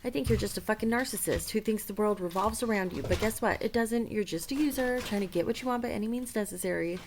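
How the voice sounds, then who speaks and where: A swaggering, contemptuous chatbot that hurls scornful put-downs at its user, as a woman reads its replies aloud. The delivery stays at an ordinary middle pitch and is spoken plainly over a faint hiss. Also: fast talker, natural voice. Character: hostile swaggering chatbot, contemptuous toward users.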